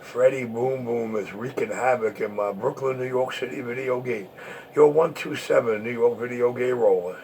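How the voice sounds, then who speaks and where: A man's voice: mid-range voice, moderate pace, a little mellow, slight background noise. Man repeating call signs over radio. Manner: repetitive call signs, emphatic. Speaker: CB radio talker.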